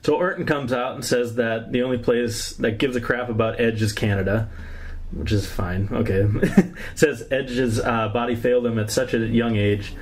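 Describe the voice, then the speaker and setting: A man's voice: medium pitch, steady tone, moderate pace. A young man co-hosting a podcast, recapping events in a rambling, laughing way with many fillers. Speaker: podcast co-host. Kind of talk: casual chat recapping wrestling.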